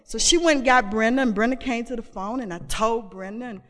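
A woman's voice: a little high, fairly quick, fairly bright tone. A woman telling her personal story to an audience in a candid, conversational way, often repeating and restarting phrases. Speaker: speaker sharing her recovery story. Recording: long reverb of a large hall.

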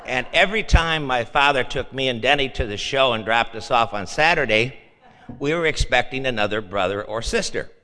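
An older man shares rambling personal stories at a meeting, repeating himself in a folksy way. His voice is bright and forceful, and it rings with a long reverb from the hall. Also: medium pitch, animated, normal speed. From Chicago. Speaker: speaker sharing at a meeting.

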